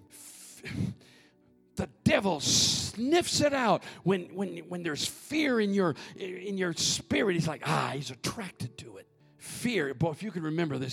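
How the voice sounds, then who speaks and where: A middle-aged man preaching a sermon, dropping to hushed near-whispers and rising to shouts. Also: sits high, gravelly, husky. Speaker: pastor.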